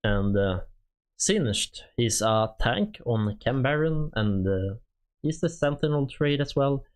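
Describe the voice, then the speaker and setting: A native Swedish-speaking man with a Swedish accent streams while reading through game units, halting and casual, with plenty of fillers. His voice is mid-range and animated.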